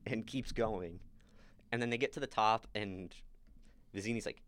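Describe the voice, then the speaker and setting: A man co-hosting a podcast, casually recapping a movie scene by scene and quoting the characters. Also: fairly low pitch. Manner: animated retelling, quick quoted asides. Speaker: podcast co-host.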